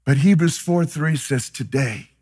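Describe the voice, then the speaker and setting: A man preaching a sermon with passion, moving from hushed, slow lines to loud, shouted declarations. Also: fairly high pitch, slightly rough. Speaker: pastor.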